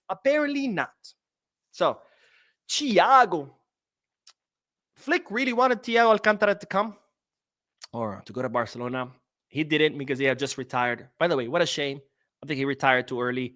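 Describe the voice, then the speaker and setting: A man's voice: high voice, lively intonation, moderate pace, pushed and bright, no echo, studio quality. A young man hosting a live-streamed football podcast, ranting sarcastically and reading out viewer comments. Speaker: podcast host.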